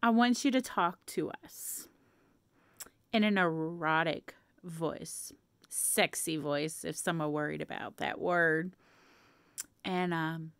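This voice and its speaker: A woman's voice: lowish voice, slow, creaky, clean tone, dry recording. A woman chatting casually to camera as a vlogger, playful and laughing often.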